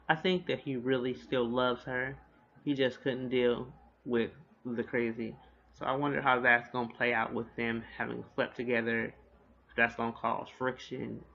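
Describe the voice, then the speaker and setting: A man casually recapping a TV episode, profane and slangy, with quick offhand asides. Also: medium pitch, gravelly, sharp tone, highs cut off. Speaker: TV episode reviewer.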